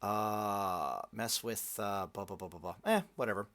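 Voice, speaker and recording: A man's voice: lowish voice, a little slow, a bit bright, smooth. A man hosting a casual gaming podcast, rambling and swearing freely, often restarting his sentences. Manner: profane, rambling, lots of restarts. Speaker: podcast host.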